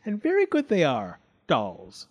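A man's voice: fairly high pitch, wildly swooping pitch, measured pace, voice pushed up, heavily acted. A man voicing a vain, fierce creature that eats dolls and speaks gleefully. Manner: gleeful, boastful, smacking lips. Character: vain fierce doll-eating male creature.

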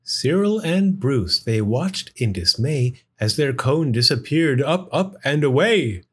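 A man reading a rhyming children's picture book aloud in an expressive, sing-song way. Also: mid-range voice, unhurried, breathy edge. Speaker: storyteller. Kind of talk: storybook read-aloud in rhyme.

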